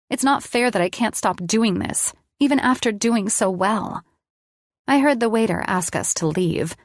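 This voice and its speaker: A woman's voice: fairly low pitch, creaky, no room sound, studio quality. A woman reading a romance audiobook in first person, with an intimate, confessional tone. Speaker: audiobook narrator.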